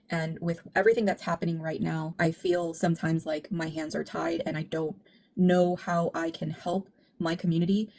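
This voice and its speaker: A woman talking through her reading of an album in a casual, earnest, reflective way, speeding up when she gets animated. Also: on the low side. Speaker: music commentary YouTuber. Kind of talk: casual analytical commentary.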